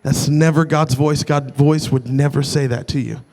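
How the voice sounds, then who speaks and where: A man's voice: a little high, steady tone, moderate pace, darkish tone. A man preaching a sermon with passion, repeating phrases for emphasis and restarting lines as he builds. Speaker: pastor. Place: large church sanctuary. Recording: long church hall reverb.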